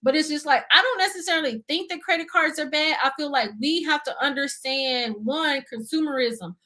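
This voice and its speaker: Young adult woman, high and bright, earnest talkative guest in a casual interview. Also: a little fast. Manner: earnest, talkative, many fillers and "you see what I'm saying". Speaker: guest, budgeting YouTuber.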